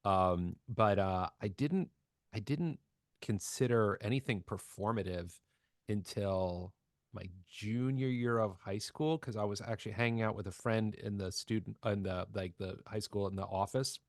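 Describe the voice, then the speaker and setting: A man's voice: lowish voice, unhurried, no room sound, studio quality. A man from New Jersey, a voice actor guesting on a podcast, telling his story in a chatty, jokey, self-deprecating way. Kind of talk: casual storytelling interview.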